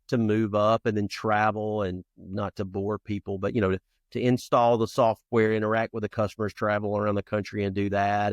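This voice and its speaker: A man's voice: lowish voice, no room sound, dull audio. A man in his fifties, a podcast guest telling personal stories in an earnest, conversational way and acting out scenes from his childhood. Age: 50s. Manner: lively storyteller who acts out childhood scenes; earnest, talks in restarts and asides. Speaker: podcast guest, founder and youth coach. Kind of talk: conversational storytelling interview.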